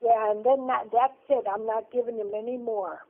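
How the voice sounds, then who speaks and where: A woman's voice: a little high, fairly even intonation, normal speed. A woman taking part in a role-play, answering in a hesitant but firm way. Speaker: guest in role-play, the host's mother. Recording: tinny phone line.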